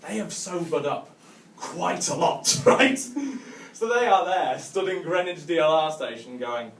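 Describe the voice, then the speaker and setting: A man's voice: on the high side, expressive, unhurried, roomy sound, recorded from a distance, a little hiss or hum. A man from Cumbria telling a rambling stand-up story to a live audience, laughing at his own jokes and tagging lines with "right?". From northwest England (Cumbria). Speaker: stand-up comedian. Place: hotel function room, live audience.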